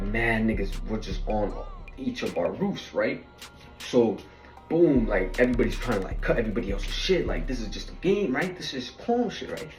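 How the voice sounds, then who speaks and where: A man's voice: fairly low pitch, darkish tone, reverberant. Man, casual storyteller, slangy and rambling; distant mic, faint music underneath. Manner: slangy, rambling, heavy fillers.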